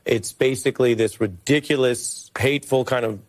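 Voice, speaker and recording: A man hosting a television news segment, speaking in a measured, disapproving way. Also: mid-range voice. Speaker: TV news host.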